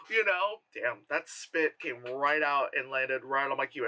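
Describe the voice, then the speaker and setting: A man's voice: a little high, lively intonation, a little fast, hardly any pauses, bright, forceful tone. A man giving a casual, rambling film review with sarcastic asides and lots of fillers. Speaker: movie reviewer.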